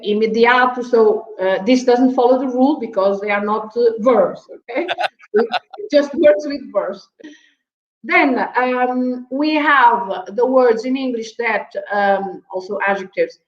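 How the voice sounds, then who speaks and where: Woman teaching grammar, lots of ums, unhurried, roomy lo-fi video call sound. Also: on the high side. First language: Portuguese. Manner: patient, many fillers, checks in with "right?", light laughs. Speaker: language teacher guest. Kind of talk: explaining grammar on an online show. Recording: echoey, dull lo-fi video call audio.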